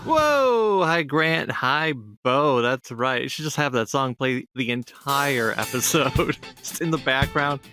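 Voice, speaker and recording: A man's voice: mid-range voice, fairly even intonation, a little slow, hardly any pauses, pushed and bright, soft background music. A man co-hosting a casual podcast, upbeat and chatty as he runs through the week's news. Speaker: podcast co-host.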